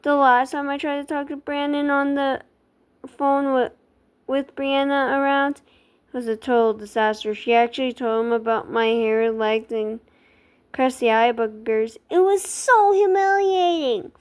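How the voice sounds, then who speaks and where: A woman reading a children's book aloud in an expressive, dramatic way, with small stumbles. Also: fairly high pitch, unhurried, clear, resonant tone.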